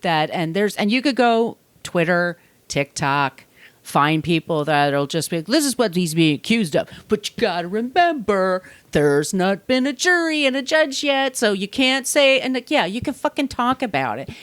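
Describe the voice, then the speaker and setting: Woman podcast host, blunt and profane, mid-pitched, dry close mic. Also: sing-song, normal speed, no echo. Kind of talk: casual podcast chat.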